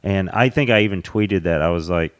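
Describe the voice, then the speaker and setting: Low smooth-voiced Southern man. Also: fairly quick, no echo. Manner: frank, reflective, profane. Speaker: guest comedian. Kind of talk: casual chat.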